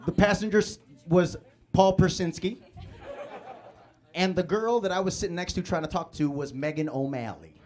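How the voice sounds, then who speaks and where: A man born in the Philippines and raised in Chicago performing a live stand-up set on a comedy club stage, telling stories with lively act-outs. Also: sits high, moderate pace, a little hiss or hum. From born in the Philippines, grew up in Chicago. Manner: animated storytelling, acting out scenes.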